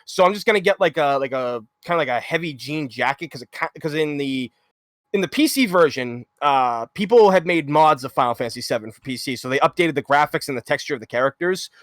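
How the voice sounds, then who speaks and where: Loud, animated man on a stream. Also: a little high, fairly quick, no room sound, studio quality. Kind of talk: casual chat.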